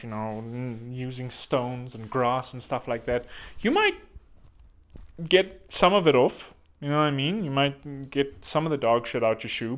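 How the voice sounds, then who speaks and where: A man hosting a comedic self-help monologue, rambling and joking crudely at his own expense. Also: mid-range voice. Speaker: host.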